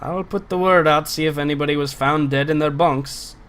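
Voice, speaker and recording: A man voicing a gruff male dwarf gate guard who speaks in blunt, curt questions during a tabletop game. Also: a little high, fairly even intonation, brisk, fairly bright tone, lightly acted.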